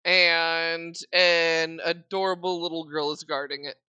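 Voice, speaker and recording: Brief: casual woman narrating a tabletop game, clear and crisp. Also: low voice, level tone, a little slow, pushed and bright, no echo, muffled recording. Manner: laughing, casual with fillers. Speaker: game master.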